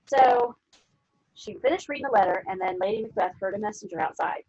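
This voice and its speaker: A woman's voice: mid-range voice, fairly quick, a little mellow, husky, no echo. A woman teacher retelling a story for her class in a chatty way, full of fillers. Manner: chatty, lots of fillers like 'you know'. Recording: dull lo-fi dry recording.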